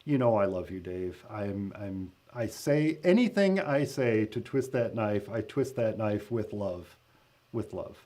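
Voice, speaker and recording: A man's voice: on the low side, lively intonation, a little slow, dark tone. A man hosting a casual live-stream update as the event organizer, talking loosely with many fillers, restarts and laughing asides.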